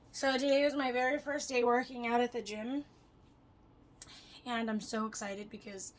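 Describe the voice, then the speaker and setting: A young woman chatting casually to her camera, rambling and swearing, her voice swinging between loud and soft as she jumps between topics. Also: a little high, a little hiss or hum, low-quality recording. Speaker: vlogger.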